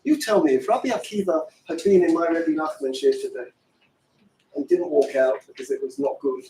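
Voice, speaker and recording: A fervent middle-aged man with a high voice teaches a Torah class, piling on rhetorical questions and breaking into shouts. He is picked up from across an echoey room, with faint room hum behind him. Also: fairly quick, far from the mic.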